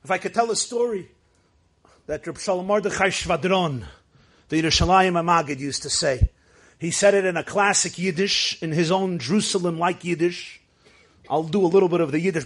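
Brief: high-pitched male Torah teacher, emphatic, storytelling delivery with Yiddish and Hebrew phrases. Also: normal speed. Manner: emphatic, rises to shouts for stress. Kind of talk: Torah class lecture.

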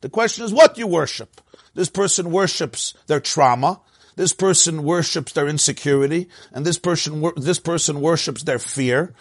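A man's voice: fairly high pitch, normal speed, breathy edge, no room sound, clean studio sound. A man teaching a Torah class, emphatic and repetitive, mixing in Hebrew and Yiddish terms and laughing between points.

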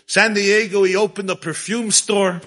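A man telling a story in an animated way, chuckling often and sprinkling in Yiddish and Hebrew terms. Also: high voice, normal speed. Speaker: religious storyteller. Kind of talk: storytelling talk.

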